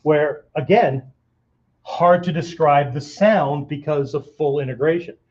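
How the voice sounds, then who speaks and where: A man's voice: a little high, measured pace, lo-fi sound. Man teaching with frequent "right?". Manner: demonstrates shouts and sounds, says "right?" constantly. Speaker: martial arts instructor. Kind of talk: whiteboard lesson.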